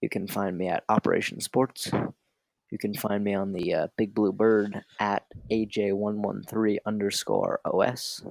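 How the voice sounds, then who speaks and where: A man's voice: on the low side, little pitch movement, normal speed, creaky, a little mellow, dry recording, poor audio. A young man co-hosting a casual podcast, wry and a little tired. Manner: dry, wry, tired and yawning. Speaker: podcast co-host.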